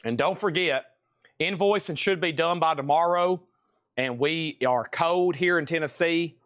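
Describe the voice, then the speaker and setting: A man chats his way through a live sale stream, rambling and narrating his own tasks while a little winded. His voice sits on the higher side. It sounds close and dry, with no room around it. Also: a little slow, a bit bright, dry recording. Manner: rambling, talks to himself as he works. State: out of breath. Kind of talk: casual live-stream chat.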